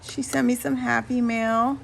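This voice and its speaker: A woman's voice: a little high, little pitch movement, measured pace, gravelly, a little hiss or hum. A woman vlogging as she opens happy mail, gushing, squealing and laughing as she talks to her viewers. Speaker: crafting YouTuber opening happy mail. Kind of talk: casual vlog unboxing.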